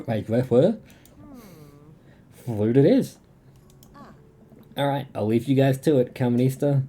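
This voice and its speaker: A man's voice: medium pitch, warm tone. A young Australian man streaming a dating game, reading its lines aloud and chatting between them. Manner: reads game dialogue in a plain voice, breaks off to chat and laugh.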